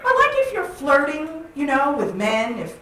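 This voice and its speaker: A woman doing a stand-up comedy set, animated and jokey, in a comedy club with an audience. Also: high voice, moderate pace. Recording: echoey club from far off, loud crowd. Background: audience laughter.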